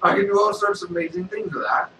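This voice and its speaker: A man voicing Darth Vader as a loud, bragging, clumsy half-robot villain. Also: high voice, lively intonation, fast talker, echoey room, recorded from a distance, background noise, pitched above the performer's own voice. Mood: boastful.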